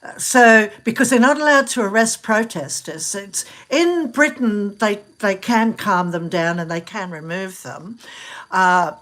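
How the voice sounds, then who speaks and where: Chatty middle-aged woman from australia, bright sharp voice, rambles and laughs a lot. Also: mid-range voice, measured pace. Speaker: vlogger. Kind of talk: casual chat.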